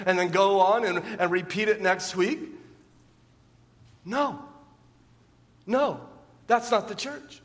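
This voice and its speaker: High-voiced male pastor preaching in a reverberant hall. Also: fairly bright tone. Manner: frequent rhetorical questions and repeated words. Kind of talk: sermon.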